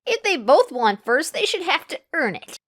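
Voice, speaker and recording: A brash young female pegasus pony struts through every line of this storybook reading, teasing and playful, as a woman narrator puts her on. The voice sits high and swings widely in pitch. The read is close and completely dry, with no room sound. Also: sing-song, normal speed, a bit bright, no room sound. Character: cocky young female pegasus pony, vampire pack leader. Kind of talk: audiobook character voice.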